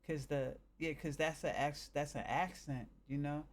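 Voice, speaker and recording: On a live stream, a man from the northern United States chats casually, thinking aloud in a halting, rambling way. His voice sits on the high side and keeps a steady tone.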